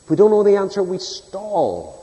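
Earnest preacher in reverberant hall. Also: male voice, high-pitched, wildly swooping pitch, normal speed. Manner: earnest, storytelling, shifts between loud emphasis and soft hush. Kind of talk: sermon.

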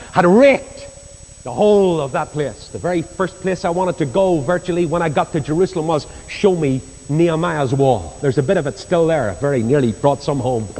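An older man with a Northern Irish accent preaches a sermon, speaking at a normal speed in a darkish tone. He tells Bible stories, acting out the voices of the characters and rising in pitch for emphasis. A hall's long reverb surrounds his voice.

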